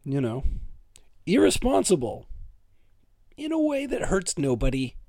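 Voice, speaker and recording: A man in his thirties hosts a solo comedic podcast with playful, rambling asides. His pitch sits mid-range but swings widely from line to line. The voice sounds close and dry, with no room around it. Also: huge pitch swings, unhurried, warm tone, no echo. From Toronto, Canada. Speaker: podcast host.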